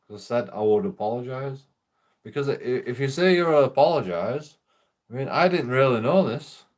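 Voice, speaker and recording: A man's voice: medium pitch, expressive, normal speed, darkish tone. A young man, talking in a rambling, sweary way and laughing through his stories as he chats. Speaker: streamer. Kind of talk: rambling casual chat.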